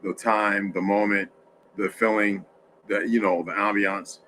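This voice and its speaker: A sleepy man hosts a casual livestream from his home, yawning and rambling through his thoughts with many restarts. His voice sits low. A faint background hiss runs under his talk. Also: level tone, a little slow, a bit bright, poor audio. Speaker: livestream host.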